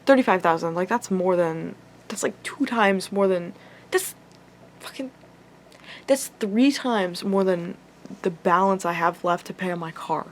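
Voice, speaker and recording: A woman's voice: fairly low pitch, a little slow, a little hiss or hum. A young woman vlogger telling an upsetting story in a casual, rambling way, full of "like" and swearing. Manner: rambling, heavy use of "like" and swearing; emotional, upset retelling.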